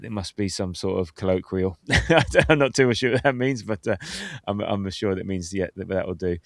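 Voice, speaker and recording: Low-voiced man in his fifties. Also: normal speed, gravelly, dry recording, studio quality. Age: 50s. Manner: chatty, laughs often, reads out listener comments. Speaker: podcast host. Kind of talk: casual football podcast chat.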